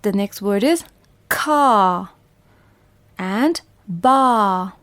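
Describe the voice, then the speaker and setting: Slow patient woman teaching phonics. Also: mid-range voice, lively intonation, fairly bright tone, no echo. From Bhutan. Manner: patient, slow, sounds out letters and repeats words. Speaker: primary school English teacher. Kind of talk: phonics lesson for young children.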